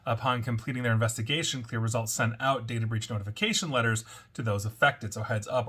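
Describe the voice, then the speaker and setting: A man hosting a weekly cybersecurity news roundup, reading items briskly and adding wry asides. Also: mid-range voice, fairly bright tone, slightly rough.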